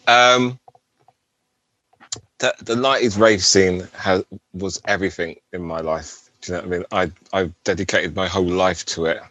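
A man's voice: low-pitched, fairly even intonation, normal speed, a bit bright, dry recording. A man in his forties, a rave MC guest, chatting casually and rambling, often adding "do you know what I mean". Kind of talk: casual interview chat.

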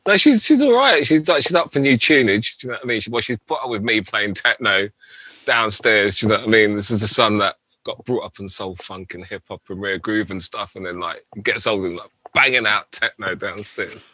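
A man's voice: on the low side, animated, brisk, sharp tone, no room sound. A man in his forties, a rave MC guest, chatting casually and rambling, often adding "do you know what I mean". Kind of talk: casual interview chat.

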